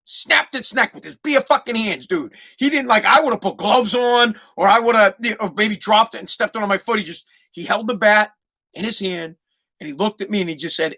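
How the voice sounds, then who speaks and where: A man's voice: high-pitched, gravelly, bright, forceful tone. A man hosting a podcast in a heated, profane rant, often repeating words as he stumbles to get his point out. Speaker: podcast host.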